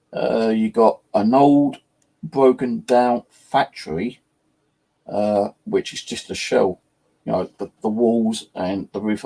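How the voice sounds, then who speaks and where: A man's voice: medium pitch, gravelly, warm tone, husky. A man, hosting his own channel and rambling through ghost stories in casual chat, swearing freely and filling with "you know" and "like". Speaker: channel host.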